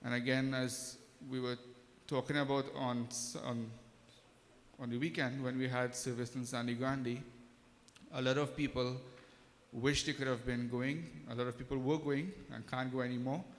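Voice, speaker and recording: A man's voice: medium pitch, little pitch movement, moderate pace. Hesitant man in a hall. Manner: hesitant, many ums, friendly. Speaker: pandit addressing the congregation. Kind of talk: informal talk at a temple service. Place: temple hall. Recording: reverberant temple hall.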